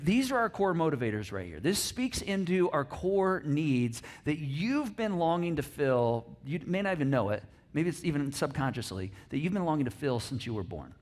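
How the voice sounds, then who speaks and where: A man preaching a sermon in a church, animated, acting out little voices and laughing often. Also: fairly high pitch. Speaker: pastor. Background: congregation.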